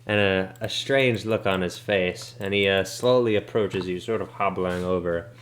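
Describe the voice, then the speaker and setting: Young man, game master, casual narration, lowish voice. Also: normal speed, slight background noise.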